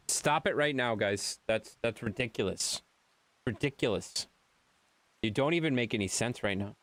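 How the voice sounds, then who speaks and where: A game streamer with a Wisconsin accent, a man who teases back at his chat and keeps telling them to stop it. His mid-pitched voice swings up and down a lot. The sound is dry and close, with little room. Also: a bit bright, no room sound. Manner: playful, mock-exasperated, reads and answers chat. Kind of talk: live-stream chat banter.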